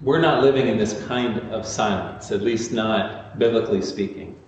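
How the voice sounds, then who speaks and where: This pastor's voice runs on the low side at a moderate pace as he preaches in an informal way, stumbling into fillers and restarts. Captured far off in a large, echoing sanctuary, the muffled recording has a bit of hiss or hum.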